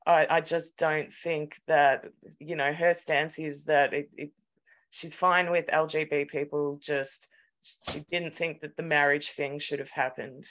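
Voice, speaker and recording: An Australian woman co-hosting a podcast, telling a story in an animated, sweary, casual way. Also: sits low, a little slow. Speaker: podcast co-host. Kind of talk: casual chat.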